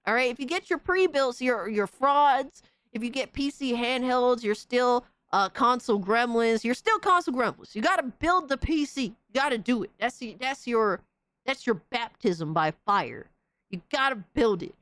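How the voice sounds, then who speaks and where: A woman with a high voice rants in casual podcast talk. She mocks and swears, circling back to the same points again and again. The sound is dry and close. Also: lively intonation, moderate pace, fairly bright tone, dry recording. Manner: profane, mocking, repetitive. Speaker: podcast host. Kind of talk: casual gaming rant.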